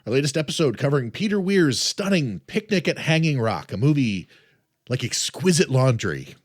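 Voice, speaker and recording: A man in his forties hosting a podcast, telling stories in a casual, animated way with frequent stammered restarts. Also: medium pitch, normal speed. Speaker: podcast host. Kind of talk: casual chat.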